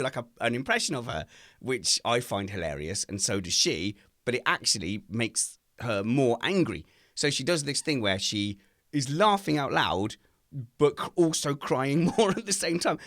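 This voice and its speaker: A man chatting casually on a home video call, telling animated family stories and jumping into silly high voices when he quotes people. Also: moderate pace, no room sound, clean studio sound. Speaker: podcast co-host. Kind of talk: casual chat. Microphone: home mic on a video call.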